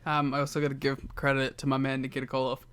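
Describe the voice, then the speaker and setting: A man's voice: mid-range voice, monotone, fast, fairly bright tone, clean tone, no echo. A man co-hosting a podcast, chiming in with playful, jokey asides. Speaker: podcast co-host. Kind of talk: casual chat.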